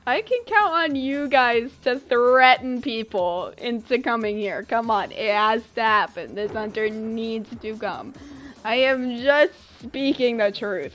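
A woman's voice: fairly high pitch, a bit bright, slight background noise. A young woman streaming a game, chatting playfully with her viewers, giggling and humming made-up tunes. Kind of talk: casual live-stream chatter while gaming. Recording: faint game music behind.

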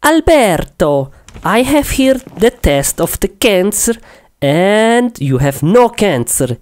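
A woman voicing a cheerful doctor who delivers good news loudly in broken English. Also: mid-range voice, big pitch swings, takes it slowly, pitched above the performer's own voice.

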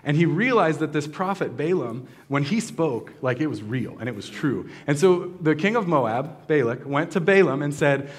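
Man preaching casually, fairly high voice. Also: expressive, moderate pace, few pauses. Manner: casual, conversational preaching with many fillers and restarts; asks the congregation questions. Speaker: pastor. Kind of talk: sermon.

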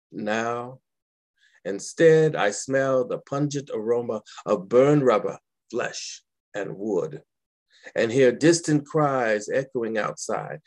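A man, a poet, reading his poems aloud in a slow, dramatic, deliberate way with long pauses. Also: mid-range voice, darkish tone. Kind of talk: poetry reading.

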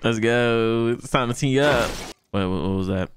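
A young man hosting a casual anime reaction, excitable and slangy, laughing often and breaking into delighted shouts. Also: medium pitch, normal speed, a little hiss or hum.

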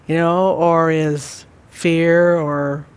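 Church guy teaching, soft and rambly, lots of um and you know, slightly high voice. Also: level tone, very slow, clean tone. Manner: gentle, rambling, many fillers. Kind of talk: church Bible study teaching.

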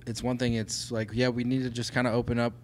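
A man's voice: medium pitch, flat delivery, quick pace, a little hiss or hum. A man co-hosting a podcast, talking in an earnest, reflective way and thinking aloud. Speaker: podcast co-host. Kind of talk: casual podcast conversation.

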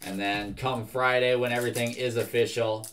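A young man hosting a live card break, reading out one card after another in a brisk, casual way. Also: mid-range voice, fairly even intonation, very noisy.

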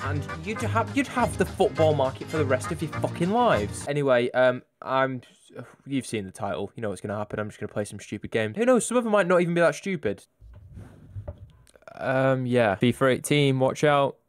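A man's voice: medium pitch, big pitch swings, a little fast, soft background music. A young man giving crude, sarcastic gameplay commentary full of swearing. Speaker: gaming YouTuber.

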